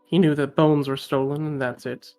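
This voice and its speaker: Man voicing a composed smith adventurer, tabletop role-play, higher voice, measured and formal. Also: steady tone, darkish tone, soft background music, natural voice. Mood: calm.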